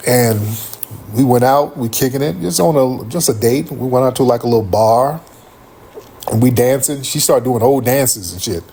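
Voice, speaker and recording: A middle-aged man hosting a livestream, telling a comic story in a rambling, profane, animated way. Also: medium pitch, moderate pace, vocal fry, slight background noise. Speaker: livestream host.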